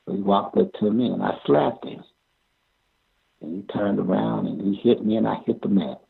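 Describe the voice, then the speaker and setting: Older man, gravelly and husky, tinny sound. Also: fairly low pitch. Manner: halting, repeats words, chuckles often. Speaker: amateur pro wrestler. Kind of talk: interview storytelling.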